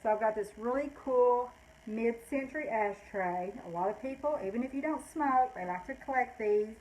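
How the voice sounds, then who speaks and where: Give me a breathless older woman chatting through a vintage sale, slightly high voice. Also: moderate pace, a little mellow, a little hiss or hum, poor audio. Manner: chatty, rambling, self-correcting. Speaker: vintage shop owner. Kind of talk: casual live sale talk.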